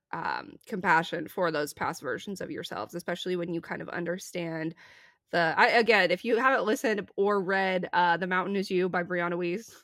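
A young woman co-hosting a podcast, earnest and reflective, animated when telling stories. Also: fairly low pitch, dry recording, studio quality. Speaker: podcast co-host. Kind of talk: casual podcast chat.

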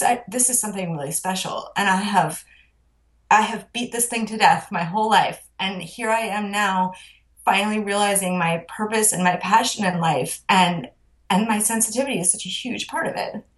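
Earnest woman coach sharing her story. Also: medium pitch. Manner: earnest and emotional, filler-heavy with many "like"s. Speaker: guest, life coach. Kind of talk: casual personal storytelling.

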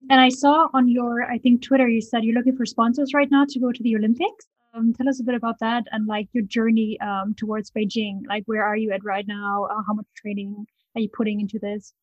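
A woman hosts a casual interview, asking friendly questions in a fairly high voice with a few fillers. The recording is dry and a little dull, with a lo-fi sound. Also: flat delivery, fairly quick, hardly any pauses, no echo. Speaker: podcast host.

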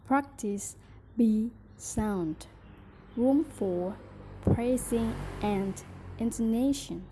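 A woman leading a pronunciation drill, carefully enunciating each word and sentence in an even, measured way. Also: a little high, slightly rough. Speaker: pronunciation teacher. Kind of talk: slow, deliberate pronunciation drill.

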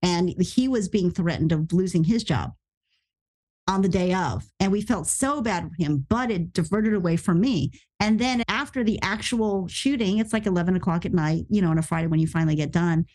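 Animated American actress telling stories. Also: female voice, on the low side. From United States. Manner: animated, rushed storytelling. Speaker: actress guest. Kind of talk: casual podcast storytelling.

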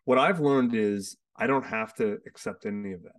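A man's voice: fairly low pitch, normal speed, recorded from a distance. Rambling man talking off-mic. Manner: rambling, many restarts and fillers. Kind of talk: casual conversation. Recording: sits away from the mic.

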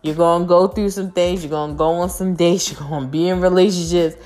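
A woman's voice: on the low side, fairly even intonation, a little fast, darkish tone. A woman vlogger talking frankly and emphatically to the camera, swearing freely and often asking "you know?". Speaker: vlogger giving dating advice. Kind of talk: casual monologue to camera.

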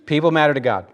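A man preaching a conversational sermon, animated and joking as he goes. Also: on the high side. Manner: animated, laughs and jokes mid-sentence.

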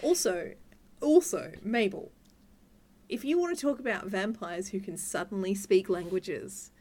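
A woman co-hosting a casual podcast chat, lively, slipping into quoted voices while recounting scenes. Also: medium pitch, unhurried. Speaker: podcast co-host.

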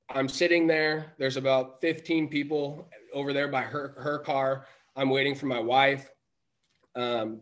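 A man's voice: mid-range voice, fairly bright tone. A man telling a personal story as a podcast guest, rambling with many restarts and self-corrections. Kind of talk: casual storytelling.

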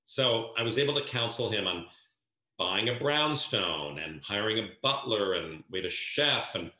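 A man from New Jersey, a guest telling stories in an animated way and acting out dialogue. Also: on the low side, normal speed, roomy sound. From New Jersey, USA. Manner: lively storyteller who acts out quoted dialogue. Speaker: guest, events planner. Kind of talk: animated storytelling.

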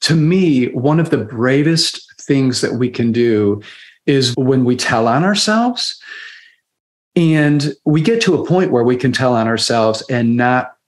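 A man's voice: mid-range voice, animated, unhurried. A man co-hosting a podcast interview, who speaks in a reflective, admiring way. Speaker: podcast co-host.

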